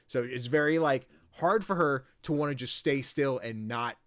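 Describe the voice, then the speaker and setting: A man co-hosting a podcast in casual chat, retelling a video game in an animated way and swearing casually. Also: medium pitch, normal speed, no room sound. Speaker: podcast co-host.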